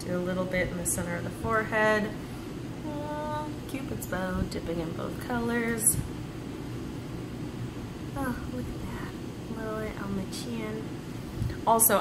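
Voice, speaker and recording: A woman's voice: mid-range voice, moderate pace, long pauses. A woman chatting playfully as she talks through her makeup routine in a casual tutorial. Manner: chatty and playful, talking through each step. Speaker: beauty vlogger. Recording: echoey room with background noise.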